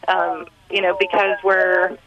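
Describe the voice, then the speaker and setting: A woman with a cold calling in to a radio show, speaking earnestly with many pauses and ums. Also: on the low side, level tone, crowd noise. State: cold, coughing. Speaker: caller. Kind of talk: casual phone call to a radio show. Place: Montreal. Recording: tinny phone line.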